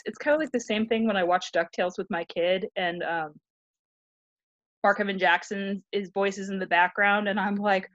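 A woman's voice: mid-range voice, steady tone, normal speed, dry recording. Irreverent woman, dull dry sound. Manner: irreverent, joking retelling. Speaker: podcast co-host. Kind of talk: casual chat with profanity.

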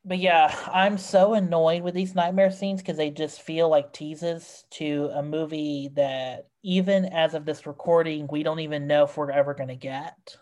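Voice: medium pitch, steady tone, moderate pace, few pauses, darkish tone. A podcast host in casual film review chat, rambling and exasperated, with many fillers.

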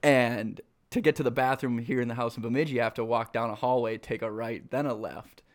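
A little fast, with a steady tone in a mid-range voice, a Minnesota man in his twenties co-hosts a casual podcast chat. He swears, laughs, and recounts crude stories.

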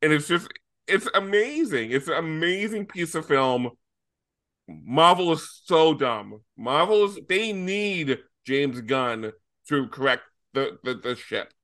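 A man co-hosting a casual film review podcast, talking excitedly and swearing freely. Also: on the high side, slow pace. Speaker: podcast co-host.

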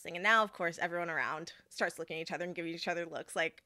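A young adult woman hosts a podcast, casually telling a story very fast in a medium-pitched voice. She's animated, acting out the people involved by quoting them in put-on voices, and the sound is clean studio quality with no echo.

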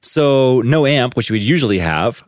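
A man's voice: medium pitch, animated, unhurried, no room sound. A man co-hosting a podcast from his own studio, chatting with enthusiasm about how tracks are put together. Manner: enthusiastic, chatty, uses fillers. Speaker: podcast co-host, studio owner. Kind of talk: casual chat about studio production.

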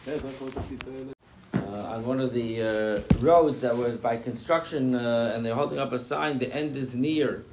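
A man, a rabbi, giving a lively Torah class to a live audience, joking and throwing out rhetorical questions, with Yiddish and Hebrew terms mixed in. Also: mid-range voice, measured pace, noisy background.

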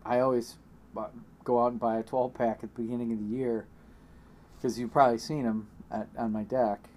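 Casual male co-host, mid-pitched and rambling, with a faint hiss behind him. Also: flat delivery, a little mellow. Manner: rambling, halting restarts, laughs easily. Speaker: podcast co-host. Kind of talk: casual beer-tasting chat.

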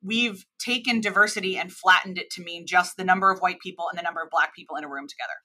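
A woman's voice: on the low side, fast talker. A woman in her thirties with a mid-Atlantic American accent, explaining her ideas at length as a guest in a conversational interview. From United States. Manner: animated, expansive explainer. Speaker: podcast guest, cross-cultural expert.

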